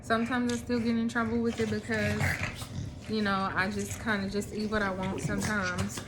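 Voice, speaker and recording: A woman in her thirties talking casually to camera at home, relaxed and rambling with lots of ums. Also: mid-range voice, moderate pace, noisy background. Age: 30s. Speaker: vlogger. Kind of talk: casual chat.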